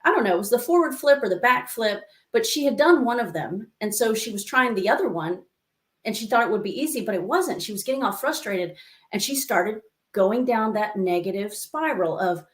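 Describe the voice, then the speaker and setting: A woman life coach telling stories as an interview guest, lively and acting out the voices she quotes, with many asides to the listener. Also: fairly high pitch, fairly quick. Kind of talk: conversational interview storytelling. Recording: echoey room.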